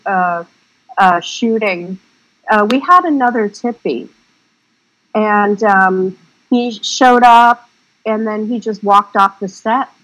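A woman's voice: mid-range voice, fairly bright tone, rough recording. A woman film director in a casual interview, talking in a chatty, rambling way with frank, salty remarks.

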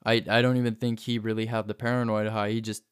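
A man's voice: lowish voice, level tone, quick pace, clean tone. A young man telling a personal story casually, rambling with many restarts and fillers.

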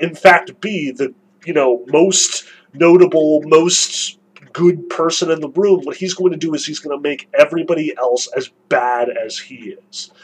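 A man's voice: a little high, slight background noise, low-quality recording. A man lecturing analytically and emphatically on a novel. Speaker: literature lecturer.

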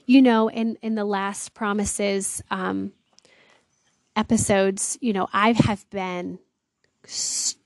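A woman's mid-range voice, fairly even in intonation, takes things slowly in a dry recording. Hosting a devotional series, she reads Bible verses aloud and rephrases them in chatty, slangy terms, earnest and awed, with plenty of "wow."

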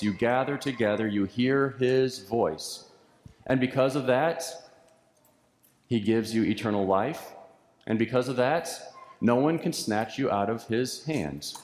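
A man delivers a sermon from the pulpit, his voice mid-pitched and earnest. He builds his points through repeated phrases. The church around him is roomy, and each line rings out with a long reverb tail. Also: a little mellow. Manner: earnest, repetitive preaching cadence. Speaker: pastor. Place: church sanctuary.

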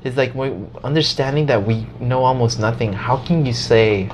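An animated man talks in a loose, casual podcast chat and swears freely as he tells a story. His voice is mid-pitched. A faint hiss of ambience sits under it. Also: normal speed.

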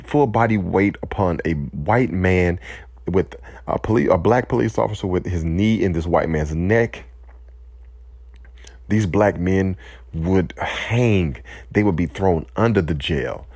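A man speaks in a very deep, gravelly voice with a husky edge. He is tired and emotional, close to tears, and stops now and then to steady himself. The sound is close and dry. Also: no echo. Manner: impassioned, weary, pauses to collect himself. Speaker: speaker addressing listeners. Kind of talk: emotional impassioned speech.

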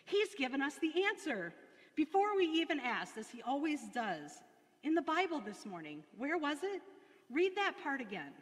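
A woman's voice: sits high, very animated, slow, pushed and bright, voice pushed up, full character voice. A woman voicing a faithful young woman prisoner who speaks eagerly and earnestly. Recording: long hall reverb.

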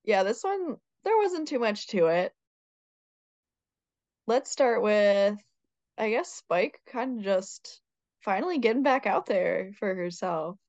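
A woman's voice: mid-range voice, sing-song, slow, pauses often, a little mellow, no echo. Chatty woman on a dull, dry mic. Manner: chatty, opinionated and playful. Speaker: podcast co-host. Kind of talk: casual chat.

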